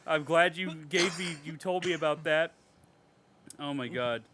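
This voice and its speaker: A man co-hosting a horror podcast, reading reviews aloud with animated, sarcastic commentary and frequent swearing. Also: on the high side, a little slow, background noise. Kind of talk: casual podcast chat.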